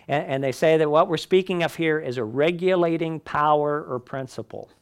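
A man's voice: on the high side, normal speed, clear, resonant tone. A man teaching a Bible class in a conversational way, often checking in with the listeners.

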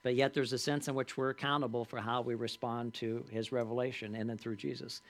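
This man's medium-pitched voice shows little pitch movement as he conversationally teaches a Bible study class. He keeps checking in with quick tag questions and emphasizes scripture as he reads it aloud.

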